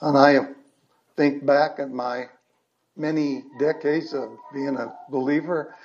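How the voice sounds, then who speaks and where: Slow, earnest preaching man. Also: medium pitch, darkish tone, lo-fi sound. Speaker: pastor. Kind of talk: sermon.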